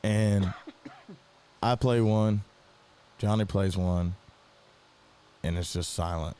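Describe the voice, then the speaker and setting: A man's voice: lowish voice, takes it slowly, mellow, slight background noise. A young man co-hosting a podcast, telling stories in a laid-back, slangy way. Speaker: podcast co-host. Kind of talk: casual chat.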